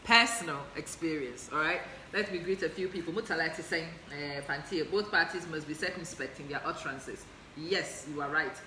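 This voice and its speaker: Woman, host, blunt, teasing, very bright voice, echoey room. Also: deep voice, brisk, few pauses, slight background noise. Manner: blunt and teasing, reads out viewer comments. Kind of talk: livestream chat show.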